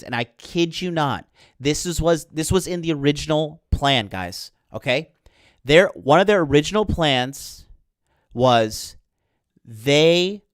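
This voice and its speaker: A man's voice: a little high, smooth, no room sound, clean studio sound. A man hosting a livestream and ranting in a heated, profane, rambling way, sleepless late at night. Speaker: podcast host.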